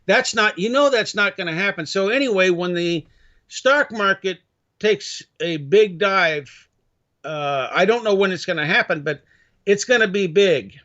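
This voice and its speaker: A man, a guest in a casual chat, speaks haltingly, with many restarts and fillers. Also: sits high, sharp tone. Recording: dull lo-fi audio.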